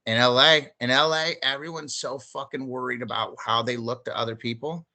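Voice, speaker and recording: Male comedian co-host from St. Louis, bright voice, loose rambling delivery with lots of profanity. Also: medium pitch, fairly quick. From St. Louis, USA. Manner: rambling storyteller, animated quoting, swears freely. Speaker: podcast co-host, stand-up comedian. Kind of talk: casual chat.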